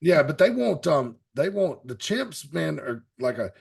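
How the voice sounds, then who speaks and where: A man's voice: on the high side, sing-song, unhurried, vocal fry, breathy edge. A man on a wrestling talk panel, telling stories in casual chat and laughing as he acts out quotes. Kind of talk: casual chat, animated storytelling.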